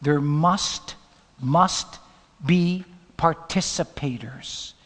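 A man preaching a sermon as pastor, telling stories dramatically and swinging from loud bursts to whispers. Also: fairly high pitch, extremely slow, in a large hall.

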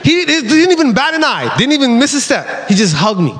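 A man preaching a lively, animated sermon as pastor, shouting at times. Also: extremely high pitch, brisk. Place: large church hall. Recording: live church hall with congregation.

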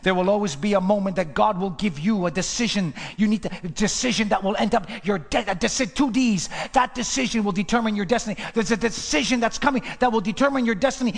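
High gravelly preacher with dramatic swings. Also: male voice, a little fast, hardly any pauses, big-room sound. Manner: dramatic swings from shouts to near whispers; repetitive, rhythmic preaching cadence. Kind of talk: sermon. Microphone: livestream to online viewers.

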